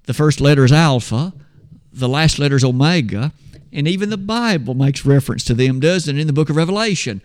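A man with a slightly high voice and lively intonation walks through a Bible lesson using slides. His explanations are measured, and he speaks to the audience as "you and I."

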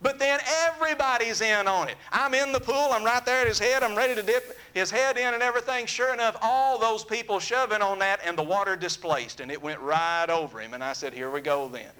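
A man preaching a sermon, telling a story in an earnest, animated way that drops to a soft, intimate tone. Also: high-pitched, fairly quick, hardly any pauses, clean tone.

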